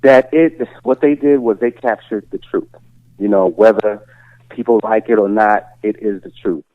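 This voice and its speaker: A man's voice: fairly low pitch, moderate pace, no echo. Man from Chicago on a tinny phone line. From Chicago, USA. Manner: relaxed, filler-heavy talk with many "you know"s. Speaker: guest singer. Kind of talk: phone interview.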